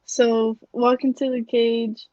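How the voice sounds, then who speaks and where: A woman's voice: on the high side, flat delivery, slow, dark tone, dry recording. A young woman, a fighter guest in a casual interview, telling her story candidly with plenty of swearing. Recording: dry, dull lo-fi audio.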